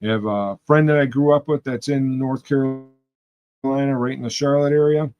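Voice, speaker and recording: A rambling, chatty man from Western New York, hosting a live stream and talking straight to his viewers. His voice sits at an ordinary, mid-range pitch. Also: fairly even intonation, moderate pace, smooth, lo-fi sound. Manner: rambling, chatty, talks to chat. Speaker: livestream host. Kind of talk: casual chat with live viewers.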